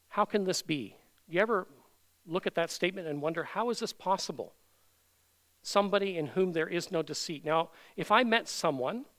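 A man preaches with a high, bright voice. He leans on rhetorical questions and climbs into loud, emphatic declarations. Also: low-quality recording. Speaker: pastor. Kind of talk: sermon.

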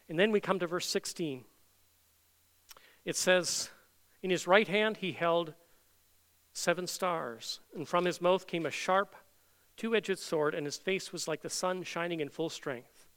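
A middle-aged man from Canada preaching a sermon in a high voice. His tone is bright and forceful as he builds earnestly to loud peaks. Then he drops to hushed, intimate passages. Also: unhurried, pauses often, clear, resonant tone. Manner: earnest preaching, swings from loud proclaiming to soft intimate tones. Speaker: pastor.

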